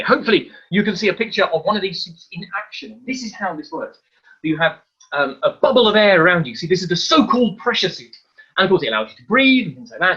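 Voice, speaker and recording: A man presenting a live online science demonstration for children, explaining each step in a lively, hands-on way. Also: high voice, breathy edge, dull audio.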